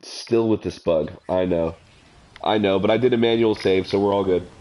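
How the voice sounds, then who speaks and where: Man, lowish voice, live game streamer, casual chat, swears a lot, exasperated. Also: moderate pace, dark tone. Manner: profane, exasperated griping. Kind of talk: casual gameplay commentary.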